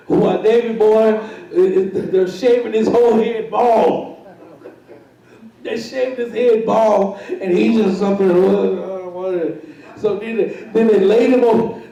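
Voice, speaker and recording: A man's voice: high voice, gravelly, dark tone, muffled recording. A man telling a comic story on stage, chuckling, repeating himself and acting out the voices. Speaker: guest storyteller. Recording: very echoey room, voice far from mic.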